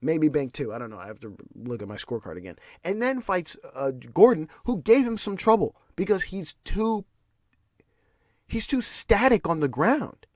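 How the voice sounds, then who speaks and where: A man's voice: on the high side, sing-song, moderate pace, darkish tone, no echo, clean studio sound. A man hosting a podcast, ranting in casual solo commentary with restarts and repeated words. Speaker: podcast host.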